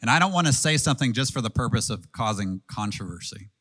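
A man in his thirties preaching a sermon in an earnest, conversational way, asking his listeners questions and pausing with ums. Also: medium pitch, lively intonation, bright, forceful tone, breathy edge.

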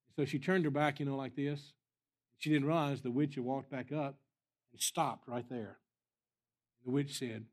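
A man preaching as a guest speaker, telling stories in an earnest way with some soft asides. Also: mid-range voice, fairly even intonation, brisk. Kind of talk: storytelling sermon.

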